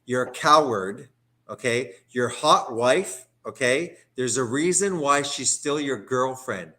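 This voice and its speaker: A man's voice: medium pitch, animated, slow pace, bright, forceful tone. A man on a live-stream video call, rambling and swearing angrily, sounding sedated from medication. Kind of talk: heated live chat.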